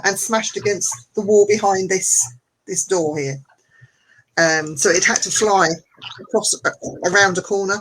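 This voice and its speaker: A woman guest talking from home on a video call, chatty and animated, often laughing as she tells her stories. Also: mid-range voice, normal speed, a little hiss or hum, rough recording. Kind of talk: casual conversation.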